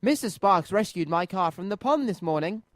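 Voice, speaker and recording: A man's voice: high-pitched, expressive, normal speed, dry recording. A man voicing Noddy, an eager and fretful little toy boy, in a children's storybook reading full of anxious exclamations.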